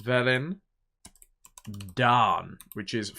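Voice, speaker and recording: A man's voice: mid-range voice, extremely slow, creaky, pushed and bright. A man, chatting casually on a live game stream, thinking aloud and reading out viewer messages.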